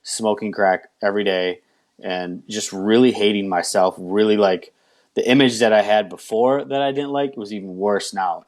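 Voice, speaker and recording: Interview guest, man, lowish voice, candid storyteller who slips into his own past lines. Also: fairly even intonation, normal speed. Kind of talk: personal testimony.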